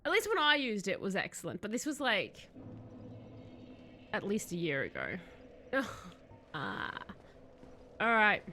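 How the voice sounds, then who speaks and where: A woman streaming a game, possibly, chatting excitedly and answering her chat as she plays. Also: medium pitch, unhurried, pauses often, a little hiss or hum. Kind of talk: live-stream gameplay chat.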